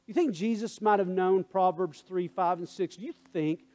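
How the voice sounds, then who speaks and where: A male pastor preaching a sermon, swinging between hushed prayer and loud, emphatic calls to the congregation. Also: high voice, normal speed. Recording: faint guitar music underneath.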